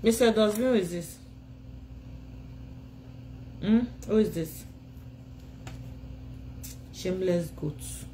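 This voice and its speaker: A tired, sleepy Nigerian woman scolds and taunts her rivals in a live rant from home, speaking into her phone. Her voice sits at an average pitch, and a faint hiss runs beneath it. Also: slow, pauses often, mellow, low-quality recording. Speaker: vlogger. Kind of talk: ranting live video.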